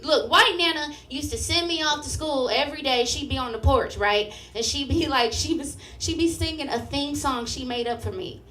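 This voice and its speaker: A young woman performing a stand-up set, telling a story with animated, profane delivery and acted-out voices. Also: high-pitched, normal speed, few pauses, reverberant, far from the mic. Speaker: stand-up comedian. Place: comedy club stage with live audience.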